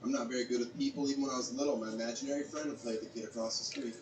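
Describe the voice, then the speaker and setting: A man doing stand-up, delivering dry deadpan one-liners. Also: mid-range voice, very fast, echoey room, far from the mic, background noise. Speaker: stand-up comedian. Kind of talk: stand-up set.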